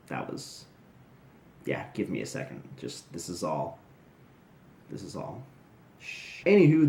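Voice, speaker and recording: A man's voice: medium pitch, darkish tone. A young man casually recapping wrestling episodes, snarky and rambling with jokey asides. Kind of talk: casual solo recap commentary. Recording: roomy echoey room.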